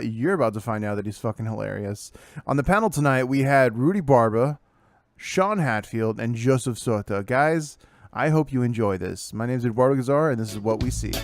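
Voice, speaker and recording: A man hosting a loose comedy chat show, joking and swearing freely. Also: medium pitch. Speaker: podcast host. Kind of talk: casual banter. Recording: echoey room with light noise.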